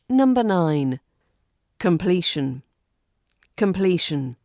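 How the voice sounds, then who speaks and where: British woman, accent coach; lowish voice, unhurried, precise drilling, dry close sound. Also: a little mellow, dry recording. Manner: slow, careful drilling of words and phrases. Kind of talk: pronunciation lesson.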